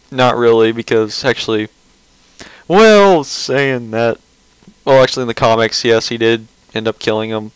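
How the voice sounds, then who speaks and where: A man's voice: medium pitch, clear, resonant tone, dry recording, rough recording. A man giving casual, rambling commentary on a webcomic page, mocking and sarcastic, often restarting his sentences.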